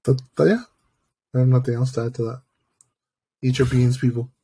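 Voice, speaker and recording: A man's voice: mid-range voice, fairly even intonation, moderate pace, mellow, slight background noise. A man co-hosting a podcast, talking in a laid-back, profane casual way. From Mexican-American. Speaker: podcast co-host. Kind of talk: crude casual chat.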